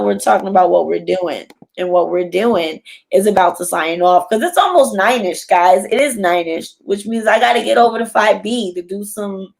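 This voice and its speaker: A woman's voice: medium pitch, gravelly. A woman hosting a podcast, signing off in a loose, rambling way from a studio. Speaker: podcast host. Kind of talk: casual sign-off chat. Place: studio headquarters.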